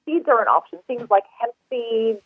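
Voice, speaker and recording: A woman's voice: a little high, expressive, moderate pace. A woman chef giving cooking advice in a casual podcast interview, enthusiastic and talking in long run-on explanations. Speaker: chef and recipe developer. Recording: tinny phone line, dry.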